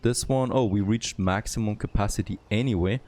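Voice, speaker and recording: A man who is not a native English speaker, thinking aloud and getting excited as he comments on a city-building game. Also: lowish voice, a little fast. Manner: thinking aloud, easily excited, frequent "there you go". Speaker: gameplay commentator. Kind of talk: let's play commentary.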